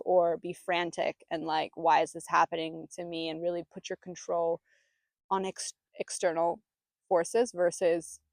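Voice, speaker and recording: A woman who hosts a spiritual vlog, speaking outdoors in a calm, soothing way with bursts of mock panic. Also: fairly low pitch, dry recording, clean studio sound. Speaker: spiritual guide and channeler. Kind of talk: casual spiritual talk to camera.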